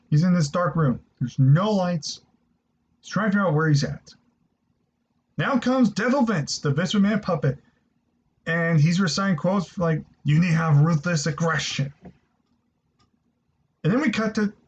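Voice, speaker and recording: A man casually reviewing a wrestling show, excitable and rambling, swearing freely. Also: high voice. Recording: dull lo-fi recording.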